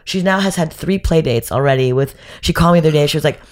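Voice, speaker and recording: A woman guest in a casual podcast conversation, telling stories in an animated way with many restarts. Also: low voice, quick pace.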